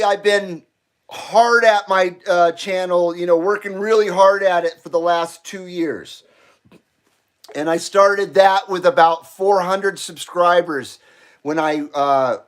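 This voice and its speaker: A breathless, excitable man chats on his own live stream, his voice sitting high for a man. He talks in an unhurried, drawn-out way and swears freely between laughs. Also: clean tone. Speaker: channel host. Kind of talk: casual live stream chat.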